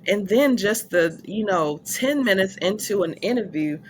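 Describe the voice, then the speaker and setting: A woman's voice: mid-range voice, animated, unhurried, a little hiss or hum. A woman hosting a casual interview, affirming her guest often and speaking with feeling. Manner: warmly affirming, frequent yeses. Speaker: host.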